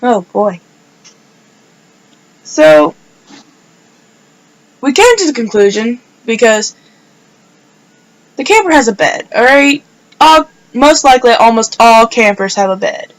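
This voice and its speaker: A woman's voice: on the high side, expressive, takes it slowly, pauses often, poor audio. A woman telling a personal story in a casual vlog, rambling and filling her speech with "like". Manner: rambling, filler-heavy storytelling with many "like"s. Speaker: vlogger.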